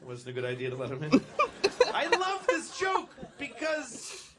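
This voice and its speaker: Middle-aged guy doing stand-up, high swoopy voice, rambly with yelps, big crowd laughing loud. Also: unhurried. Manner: animated, rambling storytelling with sudden yelps and put-on voices. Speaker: stand-up comedian. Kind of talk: stand-up set on stage. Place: comedy stage before a live audience. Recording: loud audience laughter, live stage mic.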